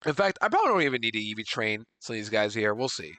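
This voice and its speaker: Bright-voiced excitable male streamer. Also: on the low side, very fast. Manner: excitable, swings from panicked exclamations to relaxed chatter with chat. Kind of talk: live gameplay commentary. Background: faint game music.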